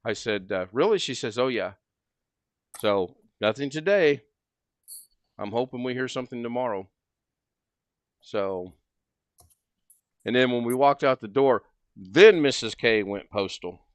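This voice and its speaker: A man hosting a livestream, telling a long story in a casual, animated way and acting out both sides of the conversation. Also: medium pitch, unhurried, long pauses, no echo. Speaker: livestream host.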